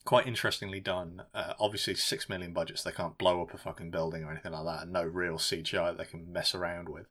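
A man's voice: low-pitched, little pitch movement, quick pace, few pauses, pushed and bright. A man co-hosting a casual film review podcast, rambling and swearing as he jokes. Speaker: podcast co-host.

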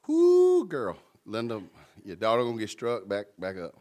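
A man preaching a sermon, animated and humorous, with sudden jumps in pitch. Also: moderate pace. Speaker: pastor.

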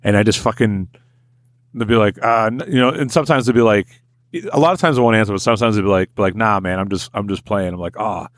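A man's voice: on the low side, animated, fast, dry recording. A man co-hosting a casual podcast, ranting profanely and animatedly, with laughs. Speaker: podcast co-host. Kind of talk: casual chat.

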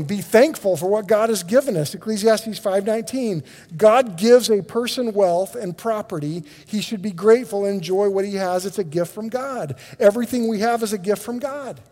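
A middle-aged male pastor preaching a sermon in an animated, conversational way, often restarting his sentences. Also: sits high. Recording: long reverb in a large hall.

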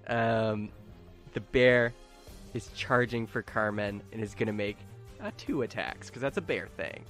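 A man's voice: lowish voice, measured pace, soft background music. A man running a tabletop game, narrating scenes and rolling dice with lots of fillers and frequent laughter. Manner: lively, giggly, filler-heavy. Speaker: game master.

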